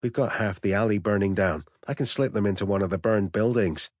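A man voicing a small, older male shopkeeper in an audiobook, calm and matter-of-fact. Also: fairly low pitch, a little fast, dry recording, clean studio sound, lightly acted.

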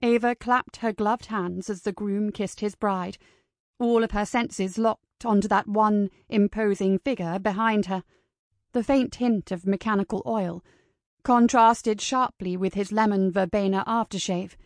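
A woman with a mid-range voice narrates a scripted audiobook in a measured, expressive style. The recording is dry with clean studio sound.

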